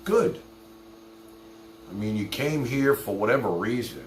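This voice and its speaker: A man's voice: fairly low pitch, lively intonation, a little slow, echoey room, a little hiss or hum. A man hosting a casual livestream, talking animatedly straight to his chat. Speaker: livestream host.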